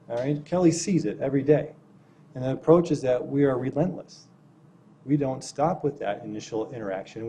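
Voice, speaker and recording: A man from city human services talks through stories at a meeting with a mellow, relaxed tone. He is self-deprecating and keeps checking in with "right?". His pitch sits in an ordinary middle range. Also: slight background noise. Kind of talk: anecdotal meeting remarks.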